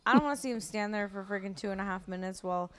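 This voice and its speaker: A woman's voice: mid-range voice, very fast, slight background noise. A woman co-hosting a podcast, chatting casually about wrestling with blunt, dismissive asides. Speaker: podcast co-host.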